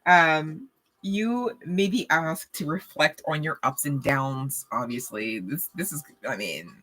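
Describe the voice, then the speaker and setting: A woman giving a casual tarot card reading to viewers, chatty and animated, with frequent laughing asides. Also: low-pitched, slow.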